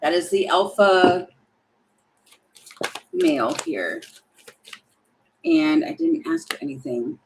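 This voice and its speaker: A woman talking her way through a live tarot reading, chatty and thinking aloud, exasperated at times and slipping into quick acted-out voices. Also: mid-range voice, huge pitch swings, creaky, a little hiss or hum, rough recording. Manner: exasperated about the energy. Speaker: tarot reader.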